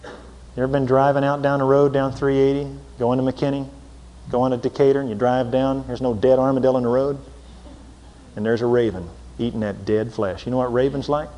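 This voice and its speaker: A man preaching a folksy sermon, swinging from loud emphatic lines to low intense asides. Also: fairly even intonation, fairly quick. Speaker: pastor. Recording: long hall reverb.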